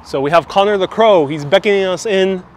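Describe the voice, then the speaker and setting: A man's voice: sits high, fairly quick, slight background noise. Chatty man live-streaming a town walk. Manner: chatty, joking, reads out viewer comments and answers them. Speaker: travel vlogger hosting a live stream. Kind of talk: casual live-stream chat while walking. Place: outdoors on town streets. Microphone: wireless clip-on mic.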